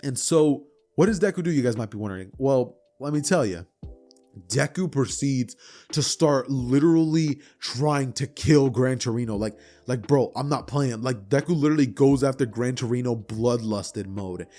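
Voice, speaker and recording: A man's voice: mid-range voice, moderate pace. A young man telling a made-up anime story in a chatty, slangy way. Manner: slangy, chatty, animated retelling. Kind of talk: casual storytelling.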